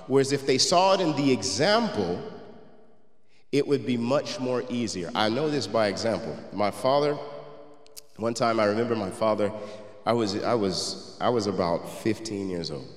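A man's voice: fairly low pitch, lively intonation, normal speed. A man preaching a sermon. He reads old scripture, then tells a personal story that moves him. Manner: gets emotional and quiet while telling the story. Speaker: pastor. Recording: roomy hall with long reverb.

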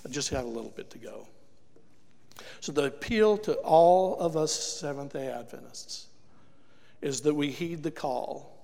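Gravelly preacher in a reverberant hall. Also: male voice, on the high side, animated, a little slow, long pauses, dark tone. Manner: emphatic, rhetorical questions to the congregation. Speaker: guest preacher. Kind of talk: sermon with altar call. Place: church.

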